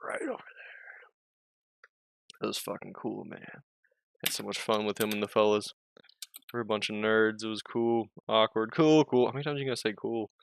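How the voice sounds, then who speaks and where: A man's voice: lowish voice, vocal fry, a bit bright, a little hiss or hum. A man streaming and chatting casually, rambling, interrupting himself, swearing and laughing often.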